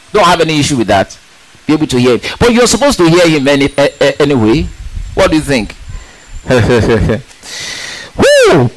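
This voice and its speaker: A man preaching a sermon in an emphatic, animated way, asking rhetorical questions and repeating words for stress. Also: fairly high pitch, slight background noise, low-quality recording.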